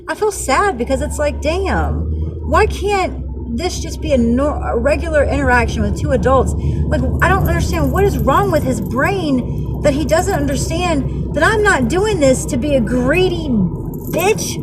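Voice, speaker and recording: High-voiced woman in her forties, heated. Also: expressive, moderate pace, noisy background. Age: 40s. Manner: heated, blunt, swings from angry outbursts to weary sighs. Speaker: vlogger. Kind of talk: casual vlog storytelling.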